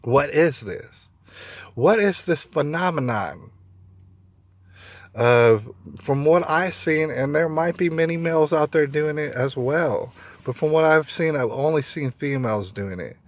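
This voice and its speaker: A man's voice: fairly high pitch, measured pace. A man talking straight to camera in an opinionated monologue, emphatic, often repeating points and restarting sentences. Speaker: vlogger.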